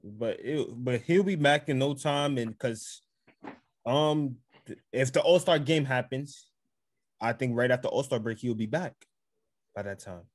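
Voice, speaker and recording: A man's voice: mid-range voice, measured pace, long pauses, no echo. A man co-hosting a casual sports podcast, laid-back, laughing easily and repeating his points for emphasis. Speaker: podcast co-host.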